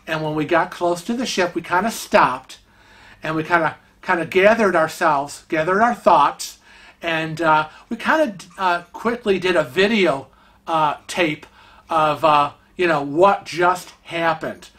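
A man's voice: on the high side, unhurried. A middle-aged man, a vlog host, casually telling a travel story and acting out the people in it. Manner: animated, acts out quoted voices.

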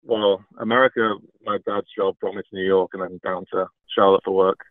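Give me a hesitant, soft-spoken man from England calling in over a tinny phone line. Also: low-pitched, little pitch movement, a little fast, no room sound. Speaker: caller. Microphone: phone call.

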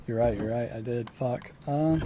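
A man's voice: mid-range voice, dark tone, slight background noise. A man streaming a survival game, chatting casually and swearing, flipping between laid-back and exasperated. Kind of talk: casual gaming stream commentary.

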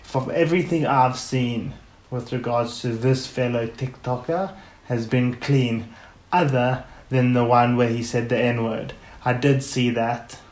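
A man's voice: medium pitch, unhurried, a little mellow. A man hosting a podcast alone, rambling in a blunt, casual way and swearing freely. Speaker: podcast host. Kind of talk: casual solo podcast chat. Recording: echoey room.

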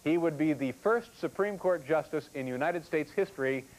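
A man in his forties hosting a late-night talk show, delivering a comedy monologue with wry, deadpan banter in front of a live studio audience. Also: a little high, moderate pace, rough recording. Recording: clear studio audience noise.

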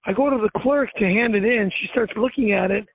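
A man's voice: high voice, fairly quick, creaky. A man ranting angrily and profanely in a vlog, telling a story outside a courthouse. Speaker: internet show host. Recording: tinny dry phone-like recording.

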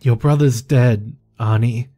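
A man's voice: medium pitch, steady tone, slow pace, warm tone, faint music behind. A man reading aloud voices a cold, commanding and dangerous young woman in a horror story. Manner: commanding, intense.

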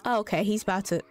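A young woman hosting a life-sim let's play, casual and giggly, swearing as she narrates. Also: medium pitch. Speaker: gaming channel host. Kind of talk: let's play commentary, voicing characters.

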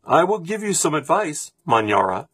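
A man reading a storybook aloud, voicing a wise old woman who gives advice slowly and evenly, with a husky voice. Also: fairly high pitch, big pitch swings, fairly bright tone, no room sound, voice pushed up, heavily acted. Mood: calm. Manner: slow, measured.

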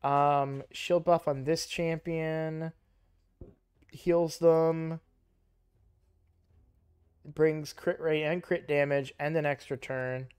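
A young man casually commenting on a mobile game he plays, rambling and correcting himself, louder and livelier when excited. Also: on the high side, extremely slow, pauses often, smooth. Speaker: gaming YouTuber.

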